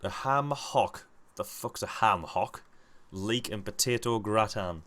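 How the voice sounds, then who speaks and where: A young man chats with friends while playing a game. His voice sits a little low but comes out bright and forceful. He swears freely and rambles through animated anecdotes. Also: takes it slowly. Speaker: gamer playing with friends over voice chat. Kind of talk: casual gaming chat.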